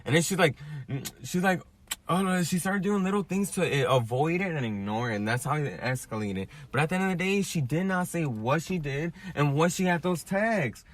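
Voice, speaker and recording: A man's voice: a little high, animated, brisk. A young man in a casual podcast chat, rambling through a story, saying "bro" a lot and swearing freely. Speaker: podcast guest telling his story.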